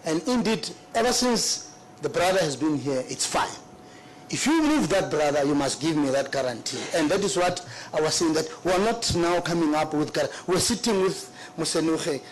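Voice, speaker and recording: Man, middle-aged, formal testimony, halting, remorseful, somewhat high-pitched. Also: lively intonation, a little hiss or hum, poor audio. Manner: earnest, remorseful, halting with repetitions. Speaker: witness at a public hearing.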